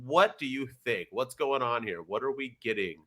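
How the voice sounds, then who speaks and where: A man's voice: mid-range voice, expressive, moderate pace, pushed and bright. A man co-hosting a casual wrestling podcast, talking animatedly and firing off questions at his co-host.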